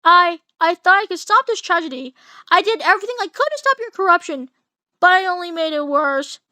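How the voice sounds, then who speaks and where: A woman's voice: very high voice, expressive, fairly quick, pushed and bright, dry recording, full character voice. A woman reading as a nervous, pleading hero. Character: frightened male hero pleading with villain. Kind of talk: amateur fanfic reading.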